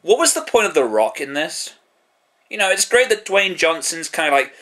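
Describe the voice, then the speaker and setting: A British man talks through a show review in a bright, fairly high voice that leaps around expressively. He is sarcastic and profane, tossing in self-deprecating jokes as he chats along casually. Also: very animated, moderate pace.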